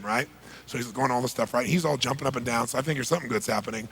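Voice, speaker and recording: A middle-aged man, a motivational speaker, telling a story emphatically, swinging from loud bursts to hushed lines. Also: medium pitch, rapid-fire, creaky, slight background noise.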